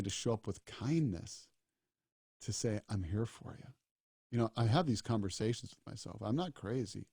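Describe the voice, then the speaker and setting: A middle-aged man with a lowish, mellow voice tells a story in earnest. He slips into the dialogue as he goes, and the sound is dry and close. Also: dry recording. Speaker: disaster doctor and speaker. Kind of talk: storytelling talk.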